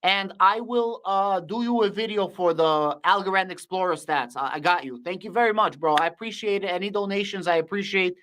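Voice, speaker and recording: A man's voice: sits high, a little fast, few pauses, fairly bright tone. A young man with a Russian accent hosting a casual livestream, talking bluntly and repeating his thank-yous. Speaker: livestream host.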